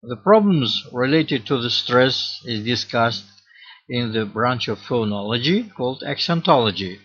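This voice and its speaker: A man giving an academic lecture on historical linguistics, speaking haltingly with many pauses and fillers. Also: mid-range voice, expressive, a bit bright, slightly rough. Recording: dull lo-fi recording.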